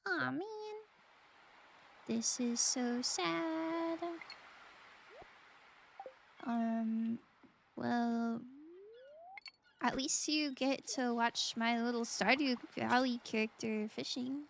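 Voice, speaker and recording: A woman's voice: fairly high pitch, extremely slow, creaky, pauses often, slight background noise. A woman streaming a game and chatting casually and playfully with her viewers, often laughing. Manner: playful, giggly, talks to chat. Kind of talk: casual live-stream chat while gaming.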